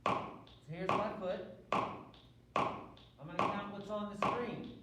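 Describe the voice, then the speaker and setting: Slow, echoey male music teacher. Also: sits high, steady tone, distant mic, heavy background noise. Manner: counts beats aloud, call and response. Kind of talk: rhythm lesson for students.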